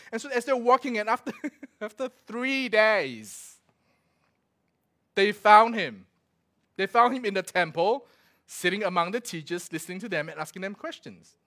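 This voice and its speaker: A man's voice: high-pitched, a bit bright. A male pastor, preaching a sermon full of stories, laughing as he acts out quotes. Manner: storytelling with laughs and acted-out quotes.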